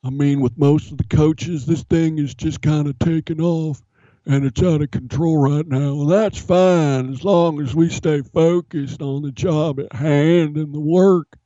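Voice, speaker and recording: A man's voice: a little high, steady tone, unhurried, dark tone, dry recording, voice pushed up, natural voice. A man doing an impression of an intense middle-aged football coach, droning on earnestly. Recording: dull, dry studio sound.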